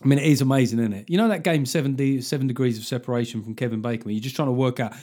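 A middle-aged man hosts his podcast alone at a mid-pitched, ordinary speaking level. He rants and swears freely, and he swings into mock outrage as he reads listener reviews. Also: rapid-fire, warm tone. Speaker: podcast host. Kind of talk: casual comic monologue.

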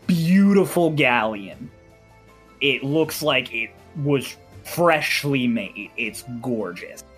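A man narrating a tabletop game as game master, describing scenes in an unhurried way with small fillers. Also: medium pitch, fairly bright tone, slightly rough.

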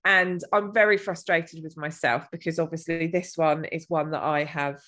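A woman's voice: low voice, steady tone, moderate pace, fairly bright tone. A woman co-hosting a podcast, chatting casually and crudely with bursts of giggling. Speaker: podcast co-host.

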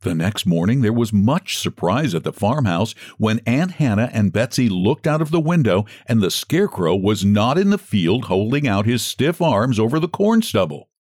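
Man reading a storybook aloud, animated. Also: on the low side, moderate pace, few pauses, no echo, clean studio sound. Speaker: narrator.

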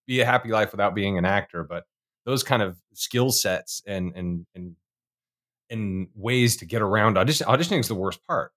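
A male podcast host with a fairly low voice, chatting casually. He rambles a little and laughs at his own jokes. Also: lively intonation, normal speed, a bit bright. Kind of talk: casual interview chat.

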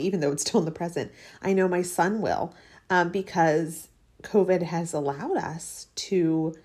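A woman's voice: lowish voice, darkish tone. Chatty heartfelt woman podcaster. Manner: heartfelt, chatty, many fillers and restarts. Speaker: podcast host. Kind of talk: casual personal monologue.

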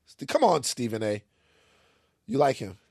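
A man from Louisiana, co-hosting a casual comic chat and telling lively stories. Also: medium pitch, measured pace, vocal fry, slightly rough, dry recording, clean studio sound. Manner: animated storyteller, acts out other voices. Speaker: podcast co-host.

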